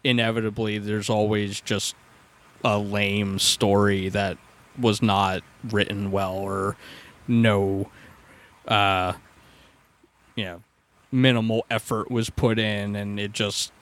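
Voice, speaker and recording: A man co-hosting a podcast, talking slowly and deliberately in casual chat. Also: lowish voice, a bit bright. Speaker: podcast co-host.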